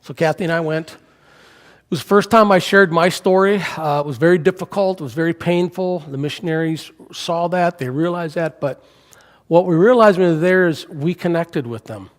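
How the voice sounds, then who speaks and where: A man's voice: fairly high pitch, moderate pace. An older man preaching a storytelling sermon, speaking conversationally and asking the congregation questions, recorded in a church sanctuary. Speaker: guest preacher. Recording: reverberant church hall.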